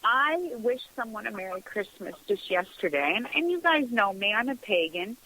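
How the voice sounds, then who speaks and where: Chatty bright-voiced woman radio host. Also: medium pitch, very animated, normal speed, rough recording. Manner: chatty, laughs often, acts out quoted dialogue. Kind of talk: casual radio talk show chat. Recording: radio broadcast sound.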